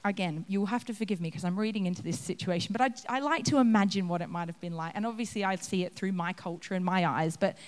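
A woman's voice: medium pitch, fast, few pauses. Woman preaching in a reverberant hall. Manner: conversational, acts out scenes with laughs. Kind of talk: sermon.

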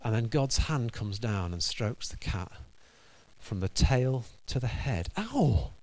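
A man's voice: on the low side, measured pace, darkish tone. A man preaching a sermon, telling a story with animation and acting out the dialogue.

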